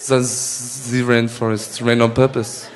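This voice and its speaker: A man voicing a pompous male French philosopher, with a put-on French accent, low and slow as he muses on stage. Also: little pitch movement, lightly acted. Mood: musing. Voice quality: low, slow, drawn-out musing. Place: comedy stage before a live audience. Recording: live crowd and room noise.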